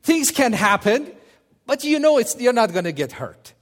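A man preaching a sermon, telling stories and acting out the voices of the people in them, with some halting restarts. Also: extremely high pitch. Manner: animated, acts out quoted voices. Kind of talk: sermon with storytelling.

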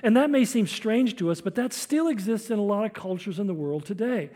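A man's voice: high voice, lively intonation, a little fast, dark tone. An older man preaching a sermon, explaining scripture in a teaching tone with storytelling asides. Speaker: pastor.

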